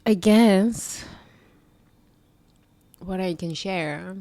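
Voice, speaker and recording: Tearful woman speaking slowly. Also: mid-range voice, warm tone. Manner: halting, with sighs and long pauses. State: tearful, crying. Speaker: podcast host. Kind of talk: emotional personal reflection.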